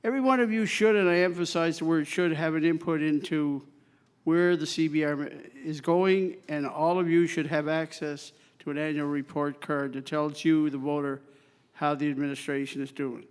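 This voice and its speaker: A man's voice: fairly high pitch, level tone, normal speed, clean tone. A man from Cape Breton running for mayor gives a pointed, sardonic opening statement, stressing key words. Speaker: mayoral candidate. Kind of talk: prepared debate statement. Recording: long reverb in a convention hall.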